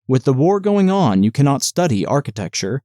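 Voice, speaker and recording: A man's voice: medium pitch, big pitch swings, moderate pace, mellow, no room sound, studio quality, lightly acted. A man voicing a formal, officious male border lieutenant who questions travelers in clipped sentences.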